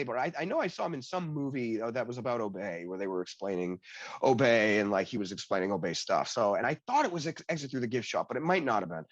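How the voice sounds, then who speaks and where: Animated man telling stories, dull lo-fi audio. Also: a little high, dry recording. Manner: animated storyteller, acts out quoted dialogue; heavy use of "like" fillers. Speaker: guest, blockchain developer. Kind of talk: casual chat.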